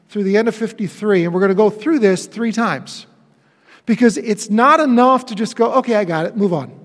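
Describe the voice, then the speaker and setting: A man preaching a sermon as pastor in a church sanctuary, emphatic, with dramatic pauses and swings from loud declarations to hushed phrases. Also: high voice. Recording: long reverb of a church hall.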